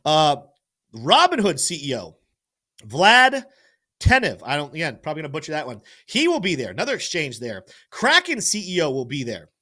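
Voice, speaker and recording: A man's voice: a little high, wildly swooping pitch, moderate pace, pushed and bright. A man hosting a live-stream crypto show, energetically talking through charts and addressing his chat, sometimes stumbling over names. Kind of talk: live-stream market commentary.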